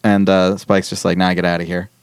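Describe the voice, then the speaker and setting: A man on a casual podcast, retelling a TV episode in animated bursts and quoting the characters as he goes. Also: deep voice, fairly quick, clean tone, no echo, studio quality. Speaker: podcast host. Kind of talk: casual chat recapping a TV episode.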